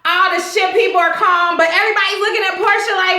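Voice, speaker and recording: A woman hosting a casual TV episode recap, talking in a profane, animated way and laughing often. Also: very high voice, quick pace. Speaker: host of a TV recap show. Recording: echoey room.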